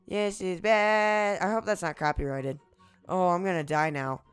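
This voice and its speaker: A young man giving goofy let's play commentary, exclaiming loudly and slipping into whispered sneaky asides. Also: high-pitched, normal speed, smooth, faint music behind. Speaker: gaming video host.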